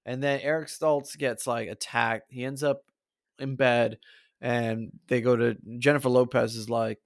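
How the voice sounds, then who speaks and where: A man's voice: mid-range voice, level tone, measured pace, dry recording, studio quality. A man co-hosting a casual movie podcast, talking loosely and breaking into goofy impressions of actors. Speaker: podcast co-host.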